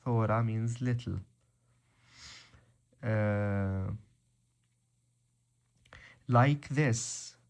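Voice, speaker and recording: A man giving a language lesson, reading out words slowly and deliberately one by one. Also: fairly low pitch, darkish tone. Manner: slow, deliberate, spells out word by word. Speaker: language teacher.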